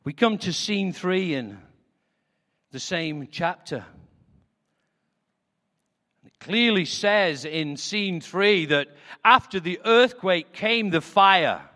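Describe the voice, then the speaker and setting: A man preaching a sermon with passion, moving between hushed, prayerful lines and loud declarations. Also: high-pitched, lively intonation, slow, pauses often, big-room sound.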